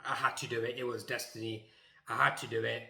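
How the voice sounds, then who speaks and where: A young man tells a funny school story in an animated, emphatic way, acting out each moment. His voice is bright and forward. The sound bounces around an echoey room. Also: mid-range voice, fast, gravelly. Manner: animated, acts out scenes, emphatic. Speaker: YouTuber. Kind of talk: comic storytelling.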